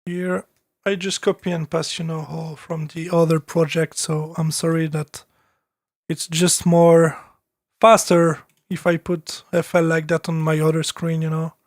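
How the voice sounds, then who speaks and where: A man's voice: on the high side, little pitch movement, unhurried, no echo, clean studio sound. A man with a French accent talking casually on a live stream as he produces music, thinking aloud with many fillers and restarts.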